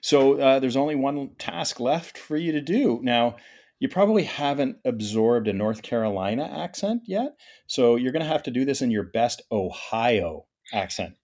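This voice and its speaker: A man's voice: mid-range voice, expressive, normal speed, darkish tone. A middle-aged man from Canada hosting a medical podcast, chatty and enthusiastic, often restarting his sentences. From Ontario, Canada. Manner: chatty, enthusiastic, self-correcting. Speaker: podcast host. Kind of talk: casual medical podcast chat.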